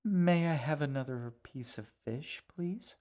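A man reading an audiobook voices a proud, sharp-tongued young girl who speaks in a withering, sarcastic way. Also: mid-range voice, slow pace.

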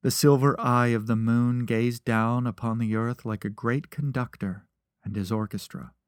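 A man's voice: medium pitch, fairly even intonation, normal speed, clean tone, no echo. A man reading a first-person story aloud, with a dry, wry narrating manner.

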